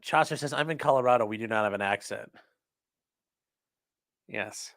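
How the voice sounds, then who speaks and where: This livestream host has a medium-pitched, fairly bright voice with some vocal fry, and he speaks at a moderate pace. He keeps things casual, rambling and cracking jokes as he reads chat comments out loud.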